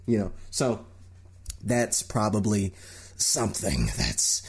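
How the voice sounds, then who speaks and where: A young man hosting a solo radio talk show, giving lively commentary on movie news and slipping into quick impressions of other people. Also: fairly low pitch, vocal fry, slightly rough. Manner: animated, mimics people in quick put-on voices.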